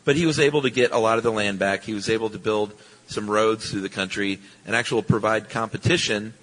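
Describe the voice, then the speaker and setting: A man's voice: lowish voice, steady tone, fast, fairly bright tone, in a large hall, poor audio. A man co-hosting a live podcast, telling the story in a laid-back way and acting out quotes. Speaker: podcast co-host. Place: large live venue with audience.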